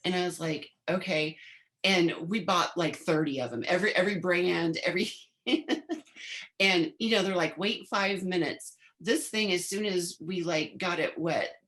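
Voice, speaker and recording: A woman's voice: on the low side, normal speed, a bit bright. A woman in her fifties, a guest on an interview podcast, telling a long story in a chatty way and often replaying what she said back then. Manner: chatty, replays her own past lines in quotes. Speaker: interview guest, former bodybuilder.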